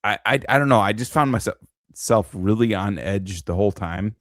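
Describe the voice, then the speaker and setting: Hesitant man with a low voice. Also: normal speed, fairly bright tone, dry recording, clean studio sound. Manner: hesitant, uneasy. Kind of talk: casual podcast chat.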